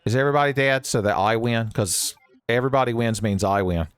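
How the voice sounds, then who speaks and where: A man with a drawl doing playful, jokey commentary over a horror game, swinging from low mutters to high excited yelps. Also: brisk, clean tone, dry recording. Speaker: let's play host.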